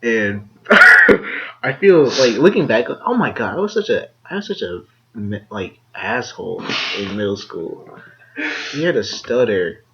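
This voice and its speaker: A man's voice: moderate pace, very noisy. Young man telling a rambling story. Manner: animated storyteller, many "like"s, acts out quotes. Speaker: podcast co-host. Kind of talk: casual chat, storytelling. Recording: dull low-quality audio.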